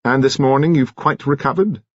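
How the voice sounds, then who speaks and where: A man's voice: medium pitch, moderate pace, dry recording, lo-fi sound, pitched above the performer's own voice, lightly acted. Urbane detective, dry and polished, lightly mocking, voiced by a man. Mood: probing. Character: cool, urbane police detective, middle-aged man.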